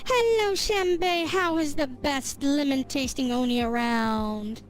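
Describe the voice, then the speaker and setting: A woman game streamer with a high-pitched voice and a measured pace chats casually with her viewers during a live stream. She's bubbly and rambling, swearing casually along the way.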